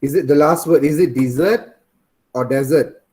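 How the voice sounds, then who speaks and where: A man's voice: on the high side, fairly even intonation, fast talker, darkish tone. A man teaching an online class over a video call, repeating his points and quizzing the students.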